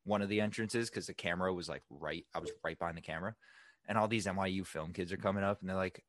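A man's voice: low voice, fairly even intonation, fast, fairly bright tone, no echo, studio quality. A young man co-hosting a podcast, telling stories in a laid-back, slangy way, worn out from long workdays. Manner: laid-back slangy storytelling, says dude and bro. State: tired and worn out. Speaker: podcast co-host. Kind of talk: casual chat.

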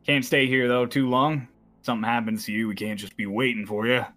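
Guy doing a gruff sarcastic sailor, kinda raised and loud, dry drawl. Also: mid-range voice, flat delivery, brisk, close to an everyday voice. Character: gruff male sailor who is sarcastic and blunt.

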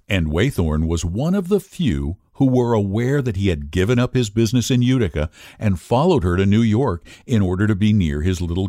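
Male audiobook narrator, measured and expressive, low and lively. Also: no room sound, studio quality. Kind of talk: scripted narration of a classic novel.

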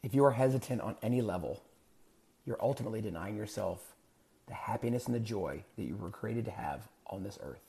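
A man's voice: lowish voice, expressive, fairly quick, gravelly, dark tone. A middle-aged man, a life coach, giving an earnest motivational talk full of rhetorical questions. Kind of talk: motivational monologue.

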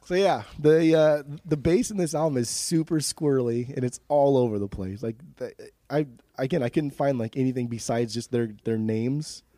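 A young man talks loosely on a podcast, dropping curses and restarting his sentences. His voice is dark and mellow. The sound is dry and close, with no room in it. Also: mid-range voice, normal speed, dry recording. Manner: laid-back, swearing, laughing often, restarts. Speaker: podcast co-host. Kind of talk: casual chat.

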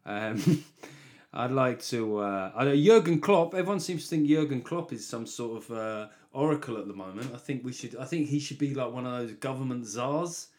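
A man's voice: mid-range voice, expressive, normal speed, a little mellow. Rambling man joking solo. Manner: rambling, jokey asides, laughs at own jokes. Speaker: comedy podcast host. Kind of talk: solo comedy podcast monologue.

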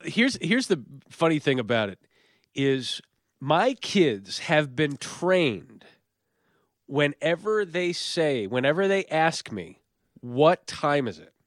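A man co-hosting a sports podcast, telling stories in a relaxed, joking way. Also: fairly high pitch, takes it slowly, no echo, clean studio sound. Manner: storytelling, self-deprecating humor. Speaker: podcast co-host. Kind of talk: casual sports chat.

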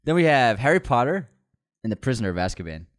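A male podcast co-host in loose, casual chat. His pitch swings a lot as he jokes, laughs and swears offhandedly. He sounds relaxed and unscripted. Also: fast talker. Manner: laid-back, joking, swears casually.

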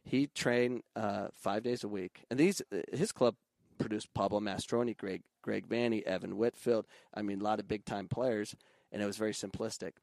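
A man who coaches youth soccer, talking casually and animatedly, jumping up into loud mimicry of other coaches and parents. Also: lowish voice, moderate pace, gravelly, no room sound. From Arizona. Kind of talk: casual podcast conversation.

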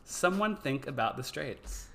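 A young man co-hosts a relaxed comedy podcast, cracking jokes and laughing as he rambles. His voice sits at an ordinary middle pitch. A faint hum of ambient noise runs underneath. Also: measured pace, gravelly. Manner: jokey, laughs often, rambling asides. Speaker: podcast co-host. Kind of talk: casual comedic chat.

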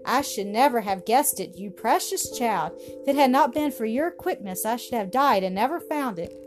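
A woman voicing a poor, gentle elderly spinster who speaks tenderly and with wonder. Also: a little high, expressive, normal speed, lightly acted. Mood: overjoyed. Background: music.

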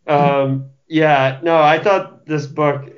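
A man's voice: on the high side, flat delivery, very slow. A man in casual chat about a book, giving thoughtful opinions with hesitant fillers. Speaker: book podcast co-host. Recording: dull lo-fi sound.

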